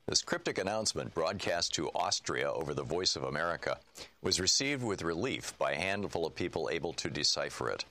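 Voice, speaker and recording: A male radio talk show host who chats with callers and reads a book aloud in a steady, measured way. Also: a bass voice.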